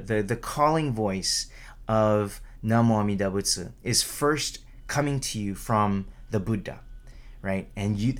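A man giving an informal Buddhist dharma talk in a conversational way, tagging sentences with "right?" and restarting often, raising his voice when acting out the quoted calls. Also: on the low side. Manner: conversational, keeps asking "right?", restarts and repeats words; acts out quoted calls with a raised voice.

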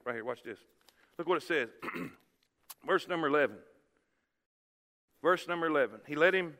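Preacher guy, really high bright voice, keeps repeating himself, booming church echo. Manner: storytelling, emphatic, repeats words. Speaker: pastor. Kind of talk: sermon. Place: church sanctuary. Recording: church hall reverb.

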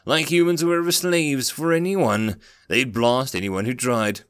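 A man voicing a blunt, scrappy female goblin who talks in a gruff, growling way. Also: mid-range voice, steady tone, measured pace, no room sound, clean studio sound, lightly acted.

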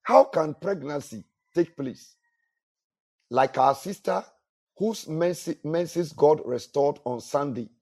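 A man's voice: medium pitch, a little mellow. A male pastor preaching a sermon, earnest, with repetitions and restarts.

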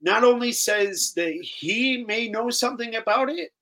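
A man talks as a guest on a live show, stopping and restarting his sentences as he works his thoughts out. His voice sits high, bright and forward. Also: rough recording. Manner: halting, repeats words, flustered. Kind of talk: live talk show discussion.

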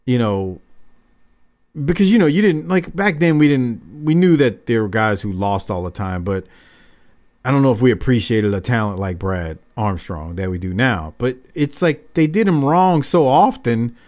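A man's voice: medium pitch, animated, normal speed, a little mellow. Male podcast host, casual, rambling, opinionated. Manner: loose, rambling, fired-up opinions.

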